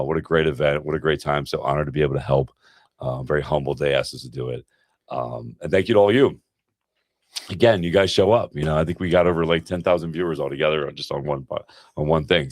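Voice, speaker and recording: A man's voice: rumbling low, fast, dry recording, studio quality. A middle-aged man co-hosting a casual podcast, joking and then speaking earnestly and with heart. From New Jersey. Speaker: co-host.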